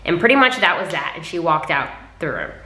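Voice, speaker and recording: A young woman tells a personal story to her viewers in a candid, chatty way, leaning on "like" as she goes. Her voice sits a little low but sounds bright and forceful. The room around her is echoey. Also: sing-song, fairly quick. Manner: candid and chatty, with many "like" fillers. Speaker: vlogger. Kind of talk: casual storytime to camera.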